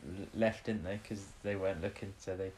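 A man's voice: low-pitched, steady tone, fairly quick, a little mellow, a little hiss or hum. A man co-hosting a show, recapping an episode in casual chat, rambling with restarts and tag questions. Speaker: podcast co-host.

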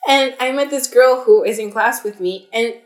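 A woman's voice: fairly high pitch, normal speed. A young adult woman co-hosting a podcast, telling stories in casual chat with lots of fillers and restarts. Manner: chatty storytelling with fillers and restarts. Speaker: podcast co-host. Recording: echoey room.

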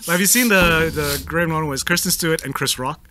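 A man's voice: on the high side, quick pace, noisy background. A man co-hosting a casual podcast chat, joking and swearing casually. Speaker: podcast co-host.

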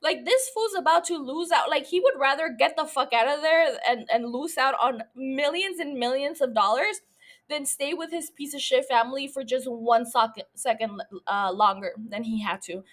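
A young woman hosting a podcast, recapping a show in a rambling, profane, self-mocking casual chat. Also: sits high. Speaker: podcast host.

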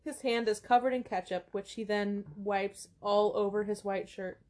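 A woman's voice: mid-range voice, steady tone, normal speed, a little mellow. A woman co-hosting a podcast, reading stories and reacting bluntly with plenty of swearing. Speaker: podcast co-host. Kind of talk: casual chat, reading listener stories aloud.

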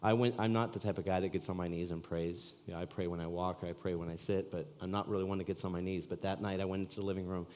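A man's voice: deep voice, fairly even intonation, quick pace, hardly any pauses, darkish tone. A male pastor from California preaching a sermon in an earnest, conversational storytelling way, in a church sanctuary. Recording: long reverb of a church hall.

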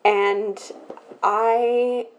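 A young woman on her own podcast, talking through something personal in an emotional, halting way, full of restarts. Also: on the high side, flat delivery, dull audio, slight background noise. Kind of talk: personal confessional talk.

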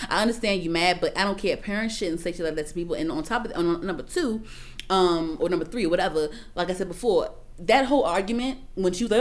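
A woman chatting casually as a podcast co-host, animated and profane, often repeating herself. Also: fairly low pitch, brisk. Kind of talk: casual chat.

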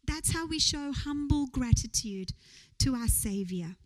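A woman's voice: high voice, expressive, measured pace, poor audio. A woman preaching a sermon in church, earnest, building to rising rhetorical questions.

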